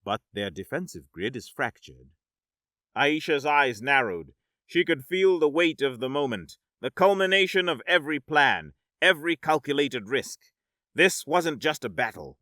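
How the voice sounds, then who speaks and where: A man narrating a science-fiction story in a dramatic, measured audiobook style. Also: on the high side, expressive, pushed and bright, no echo, clean studio sound.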